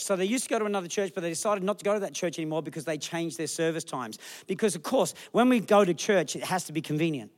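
A man's voice: high voice, fast, hardly any pauses. A middle-aged man preaching a sermon as a pastor, telling jokey stories and putting on voices for the people he quotes. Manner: jokey, animated storytelling with put-on quoted voices.

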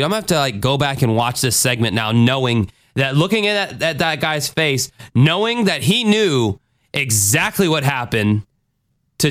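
A man's voice: on the high side, fairly bright tone, no echo, studio quality. A man hosting a podcast in casual chat, rambling and swearing freely, with lots of fillers. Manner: rambling, profane, full of fillers. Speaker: podcast host.

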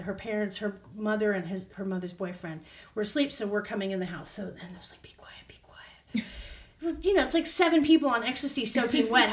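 A woman's voice: mid-range voice, recorded from a distance. A woman guest telling a story casually and animatedly, acting out the quotes. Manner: animated, acts out quotes loudly. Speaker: podcast guest. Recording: roomy echo.

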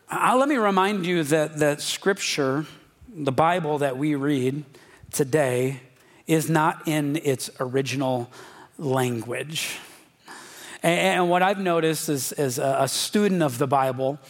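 A male pastor delivers a sermon with a touch of humor. His voice sits a little high for a man. He keeps it casual and speaks directly to the people in front of him. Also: a little slow. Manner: informal, joking, addresses the congregation directly.

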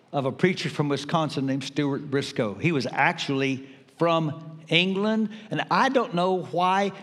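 An older man preaching a sermon as pastor, emphatic with dramatic pauses. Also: on the high side. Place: church sanctuary. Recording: reverberant church hall.

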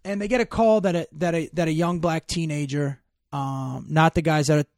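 Gravelly man telling profane stories. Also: fairly high pitch, fairly even intonation, moderate pace, a little mellow, no echo, studio quality. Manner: profane, emphatic storyteller. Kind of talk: casual storytelling chat.

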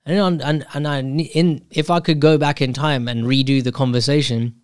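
A man's voice: mid-range voice, fairly even intonation, moderate pace, smooth, no echo, clean studio sound. A man in a casual, candid monologue telling a personal story, reflecting on himself and often restarting his sentences.

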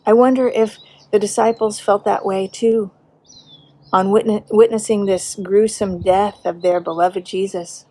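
A middle-aged woman pastor preaching a sermon, earnest and measured, slowing down for emphasis. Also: medium pitch, fairly even intonation, darkish tone, no echo.

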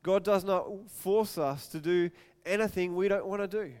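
A man preaching a sermon, telling an animated story and acting out the voices in it. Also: high voice, moderate pace, clean tone. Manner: animated, acts out scenes with quoted voices.

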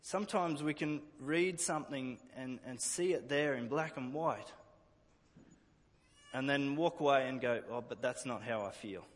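A man's voice: mid-range voice, a little slow, in a large hall. A man preaching a sermon earnestly, often repeating words as he restarts a phrase. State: emotional at times.

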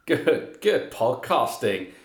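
A man hosting a surf podcast, chatty and animated, swearing casually. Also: medium pitch, takes it slowly. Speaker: podcast host. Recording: echoey room.

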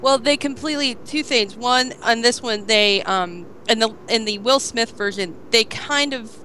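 A woman hosting a podcast in casual chat, relaxed and giving recommendations with small hesitations. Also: a little high, normal speed, a little hiss or hum. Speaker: podcast host.

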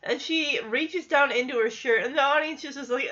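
A woman's voice: high-pitched, lively intonation, normal speed, pushed and bright, dull audio. A woman giving a casual, chatty recap of a TV episode, laughing often and acting out the characters' lines. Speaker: TV show recapper.

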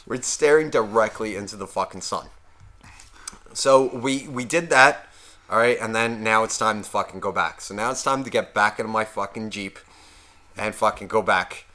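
A man co-hosting a podcast, telling stories in an animated way and swearing constantly. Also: lowish voice, moderate pace. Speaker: podcast co-host. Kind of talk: casual chat.

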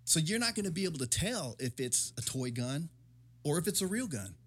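Man, casual chat, husky voice, slightly higher pitch, explanatory. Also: very animated, brisk, a bit bright.

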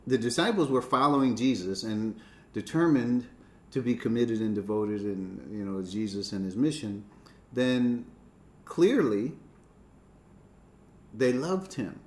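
A man's voice: mid-range voice, roomy sound, a little hiss or hum. A man preaching a sermon, stressing key words by rising and dropping his voice.

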